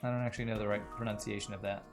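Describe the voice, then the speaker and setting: A man's voice: fairly low pitch, level tone, very fast, faint music behind. A man streaming a video game, musing aloud and chatting with his viewers. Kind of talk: casual gameplay commentary.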